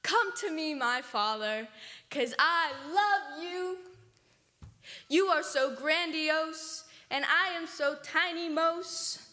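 A woman's voice: high-pitched, takes it slowly, bright, forceful tone, full character voice. An actress playing an earnest young woman who recites a clumsy rhyming prayer in a solemn, sing-song way, in a comedy sketch.

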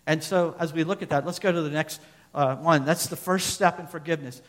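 A man preaching a sermon, reading scripture aloud and asking his listeners questions, sometimes swelling louder and then dropping soft. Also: a little high, a little fast, long reverb tail. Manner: asks the listeners questions, reads scripture aloud, loudness rises and falls.

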